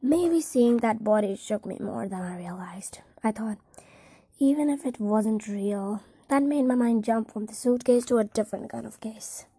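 A woman narrating a first-person audiobook in a soft, close reading. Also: fairly high pitch, moderate pace, slightly rough, dry recording.

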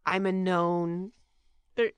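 A woman's voice: fairly low pitch, level tone, slow, clear, resonant tone, dry recording. A middle-aged woman, a guest on a podcast, chatting casually and rambling, often restarting her sentences. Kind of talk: casual chat.

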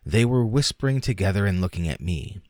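A man narrating a classic short story as an audiobook, with lively, dramatic emphasis. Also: low-pitched, brisk, no room sound, clean studio sound.

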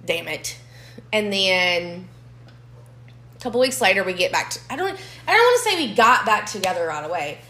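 A woman's voice: medium pitch, big pitch swings, normal speed, sharp tone. A young woman, telling a dating story bluntly in casual podcast chat and swearing freely. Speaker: podcast co-host. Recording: echoey room.

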